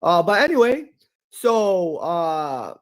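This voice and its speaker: A man's voice: high-pitched, sing-song, slow pace. Iraqi-accented man telling a story. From Iraq. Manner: repetitive, emphatic storytelling with frequent restarts. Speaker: livestream guest. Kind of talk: casual debate-stream chat.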